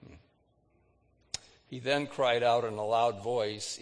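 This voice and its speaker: A man preaching a sermon, retelling scripture with dramatic readings, lifting his voice for quoted words and dropping it low for solemn moments. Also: steady tone, slow pace, pauses often, big-room sound. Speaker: pastor.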